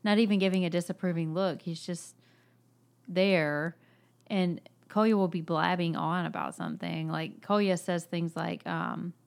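A woman co-hosting a laid-back book discussion, weighing her points in a measured, thoughtful way. Her voice sits low with a gravelly fry. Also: lively intonation. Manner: thoughtful, measured, occasional fillers. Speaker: podcast co-host.

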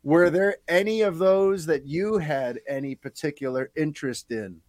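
Speaking at normal speed in a fairly high voice, a man hosts a podcast and chats in a lively, casual way, peppered with fillers. The recording is dry.

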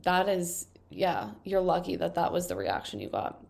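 A young woman with a stuffed-up, congested voice, casually reading confession posts aloud and chatting through them with quick, wry asides. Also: fairly low pitch, sing-song, vocal fry, darkish tone. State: congested from allergies. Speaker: video host reading and reacting to confession posts.

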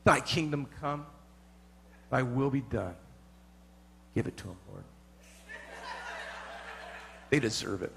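A man putting on a deep, grudging, vengeful pray-er. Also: expressive, slow, vocal fry, long pauses, a little hiss or hum. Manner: mock-pious, sarcastic muttering. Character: resentful churchgoer grudgingly praying, vengeful.

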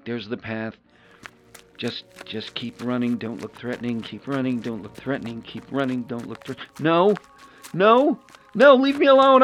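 A man's voice: mid-range voice, a bit bright. A man voicing a timid, flustered host on a trip, who stammers nervously. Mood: anxious. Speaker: show host. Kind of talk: one-sided audio role-play. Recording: lo-fi recording with faint music.

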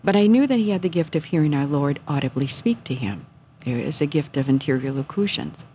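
A woman telling a personal faith story on a radio show, earnest and sometimes hushed. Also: low voice, animated, brisk, a little hiss or hum. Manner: earnest, drops to a soft hush at moments. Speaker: guest telling her story.

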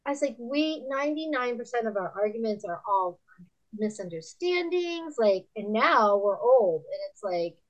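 A woman in her fifties, speaking as a podcast guest and telling frank stories from her family life. Her voice sits a little high, and she talks in a lively way, often breaking into laughter. When she quotes other people she jumps her voice up even higher. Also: moderate pace, muffled recording. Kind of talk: candid conversational storytelling.

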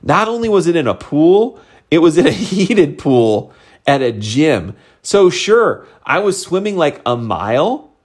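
Animated middle-aged man coaching his team. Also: unhurried. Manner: animated, conversational, jumps high for emphasis. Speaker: sales team leader and coach. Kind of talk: motivational vlog talk.

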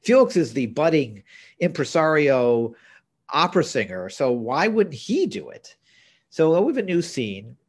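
A man's voice: on the high side, very animated, a little slow, husky. A man co-hosting a podcast, recapping a TV episode in casual chat with blunt opinions. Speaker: podcast co-host.

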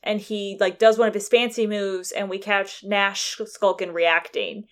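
A woman's voice: mid-range voice, fairly even intonation, measured pace. Woman rambling through a recap, chatty and loose. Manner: rambling storyteller who acts out quotes. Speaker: podcast co-host recapping a game. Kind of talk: casual chat.

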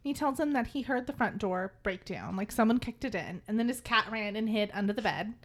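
A woman's voice: medium pitch, brisk. A woman in her thirties co-hosting a casual book chat, reading passages aloud and joking, swearing casually and laughing often.

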